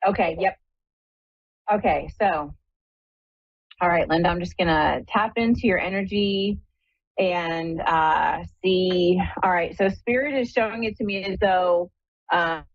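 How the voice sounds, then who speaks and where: A woman's voice: lowish voice, a little slow, dry recording, highs cut off. A middle-aged woman from the American Midwest hosting a live call-in psychic radio show, chatty and spiritual, laughing often and checking in with "right?". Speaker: psychic medium radio host.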